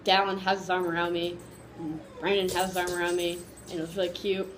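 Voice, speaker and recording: A woman vlogger casually telling a story to camera, excited and gushing, rambling with lots of fillers. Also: fairly low pitch, a little fast, slight background noise, poor audio.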